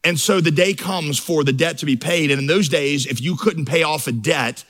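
A man's voice: on the high side, moderate pace, a bit bright. A middle-aged male pastor preaching a sermon, telling stories and building to fervent, rising crescendos.

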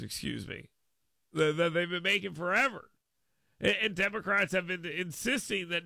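Gravelly, bright-voiced radio host. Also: male voice, sits high, moderate pace, no room sound. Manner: animated, acts out others' voices in quotes; self-correcting, repeats words as he goes. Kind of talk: political talk radio commentary.

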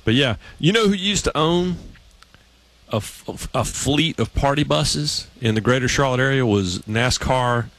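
A man's voice: mid-range voice, lively intonation, a little slow, a bit bright. A man co-hosting a radio show, chatting casually and telling stories with many restarts. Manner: rambling, storytelling with many restarts.

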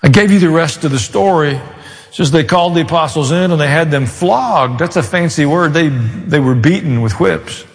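Male pastor mid-sermon, high and swooping voice, long hall reverb. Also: normal speed. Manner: preaching, with sudden rises and quiet asides.

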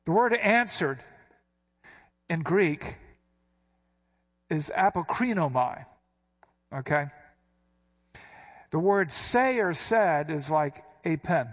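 A man's voice: on the high side, lively intonation, takes it slowly, long pauses, a bit bright. A man preaching a sermon, explaining scripture with emphatic, dramatic inflections. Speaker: pastor.

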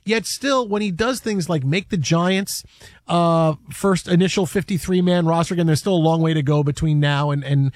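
A man hosting a casual sports chat, animated and rambling with restarts. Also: a little high, moderate pace, no room sound. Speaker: sports podcast host.

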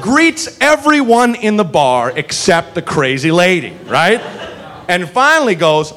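This young man's voice is high and his pace measured as he performs a profane stand-up bit in a comedy club. Animated throughout, he gives each person in his story their own voice. It's recorded with a live audience whose laughter fills the background.

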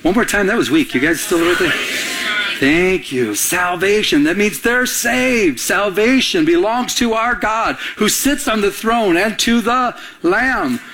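This middle-aged pastor's voice sits high and sounds bright and forceful, though his pace is a little slow. He preaches conversationally, throwing out rhetorical questions and urging the congregation to answer.

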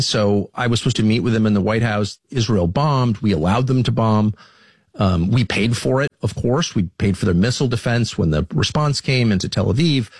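Husky, emphatic man in an animated interview. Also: on the low side, no echo. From United States. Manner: emphatic, indignant, restarts and rising peaks. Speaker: interview guest, commentator. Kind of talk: heated conversational interview.

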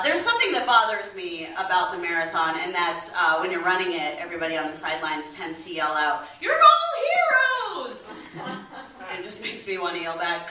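A woman performing a stand-up comedy set, delivering deadpan punchlines and slipping into mock-regal voices. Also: on the low side, far from the mic. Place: comedy club stage with audience. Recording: echoey club heard from afar with crowd noise.

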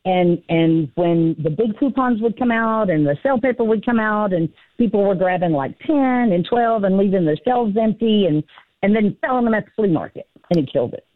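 A woman's voice: mid-range voice, animated, a little fast, no room sound. A woman with a Southern US accent calling in to a radio show, rambling nostalgically. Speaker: caller. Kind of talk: call-in chat. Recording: tinny phone line.

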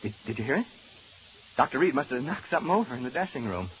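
An actor playing a lonely, nervous radio announcer alone in a haunted house, stammering and rambling in an old radio drama. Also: male voice, medium pitch, very animated, fast talker, dull audio, a little hiss or hum, close to an everyday voice. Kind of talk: 1940s radio drama acting.

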